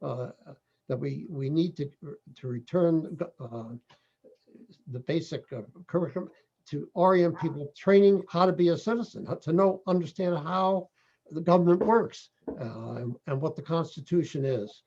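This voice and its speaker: A man moderating an online panel discussion, halting, with many fillers. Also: on the high side, warm tone. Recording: dull lo-fi audio.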